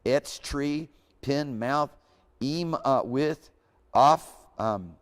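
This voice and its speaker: A man's voice: mid-range voice, drawn-out words. A man lecturing a class in an informal, rambling way, correcting himself as he goes and repeating words aloud for students. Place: lecture hall. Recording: hall reverb.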